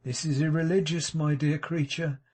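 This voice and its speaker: A man voicing a sanctimonious, self-pitying middle-aged gentleman in an audiobook, mournful and unctuous. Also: on the high side, steady tone, moderate pace, voice pushed up, close to an everyday voice. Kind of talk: audiobook character reading.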